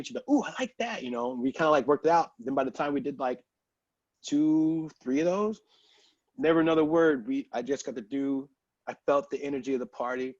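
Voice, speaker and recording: A man's voice: mid-range voice, darkish tone, dry recording, dull audio. A man from Texas, a podcast guest, telling a story in a casual, chatty way, full of "like" and "you know".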